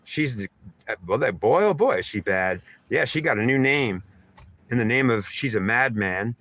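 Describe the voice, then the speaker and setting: A man talks through a spiritual message in a rambling, repetitive flow, circling back to the same points with emphasis. His pitch is middle-of-the-road and the recording is dry. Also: animated, moderate pace, fairly bright tone, no echo. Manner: repetitive, emphatic, stream of consciousness. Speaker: channeler giving spiritual messages.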